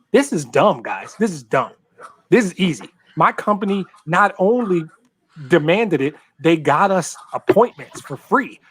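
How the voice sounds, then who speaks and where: A man co-hosting a sports talk show, blunt and indignant, ranting with profanity. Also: sits high. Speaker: co-host.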